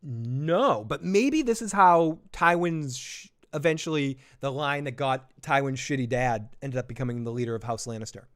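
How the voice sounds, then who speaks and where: Male live-stream host recapping an episode, loose, profane, laughs at himself, medium pitch. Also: normal speed, hardly any pauses, fairly bright tone. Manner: casual, profane, laughing, self-deprecating. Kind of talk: live episode reaction commentary.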